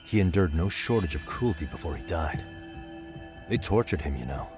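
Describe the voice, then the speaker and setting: A man voicing a calm, persistent detective who presses a witness with steady questions. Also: deep voice, normal speed, over music. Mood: pressing. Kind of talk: game voice acting.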